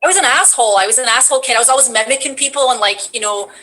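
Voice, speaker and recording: A woman's voice: on the high side, very fast, bright, forceful tone, slight background noise, low-quality recording. A woman, a voice actress, chatting casually as a guest over a video call in a self-mocking way, with lots of fillers. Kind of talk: casual chat.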